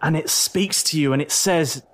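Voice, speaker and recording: A man's voice: on the high side, normal speed. A man running a tabletop role-playing game as game master, narrating scenes in a dramatic, descriptive way and repeating words for effect.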